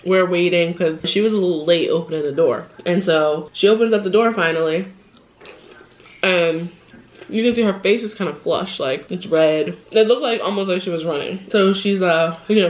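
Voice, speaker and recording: A woman's voice: on the low side, rough recording. A woman sits at home with a plate in front of her and tells her viewers a long story. She keeps it loose and conversational, laughs often, and drops into other people's voices as she retells what they said. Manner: chatty, animated, laughs often, acts out quoted voices. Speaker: vlogger. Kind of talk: casual storytime while eating. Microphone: camera mic.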